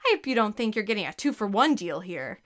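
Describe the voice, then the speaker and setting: A woman's voice: mid-range voice, sing-song, fast, fairly bright tone. A woman voicing an easygoing teenage boy tutor who talks casually. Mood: breezy. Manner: casual, breezy.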